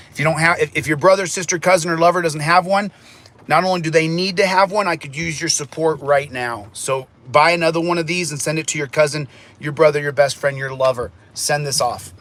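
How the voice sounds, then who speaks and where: A man's voice: fairly high pitch, steady tone, fairly quick, a bit bright. A man ranting on a livestream, rambling and repeating himself, agitated.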